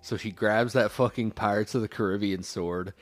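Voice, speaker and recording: A young man co-hosting a podcast, laid-back and joking, sometimes breaking into playful shouts. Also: fairly low pitch, fairly even intonation, normal speed, faint music behind. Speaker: podcast co-host. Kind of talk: casual chat.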